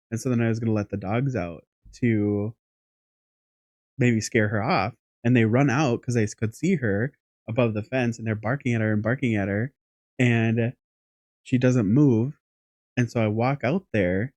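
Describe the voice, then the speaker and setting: A man co-hosts a casual podcast and spins a rambling story with animated energy and the odd curse word. His voice sits at an ordinary middle pitch. The sound is dry and close, with no room echo. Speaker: podcast co-host.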